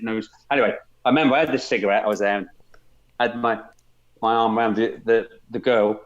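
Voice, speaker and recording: A man's voice: medium pitch, fairly even intonation, a little fast. A man, a podcast guest, rambling through anecdotes with many restarts. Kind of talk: casual chat. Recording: dull lo-fi sound.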